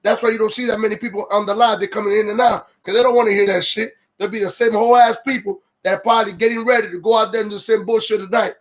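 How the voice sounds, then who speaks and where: A high-pitched man delivers a heated, profanity-heavy rant as the host of his own livestream. He keeps stopping to read viewer comments aloud before he launches back into his tirade. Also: fairly even intonation, racing, hardly any pauses. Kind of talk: ranting livestream monologue.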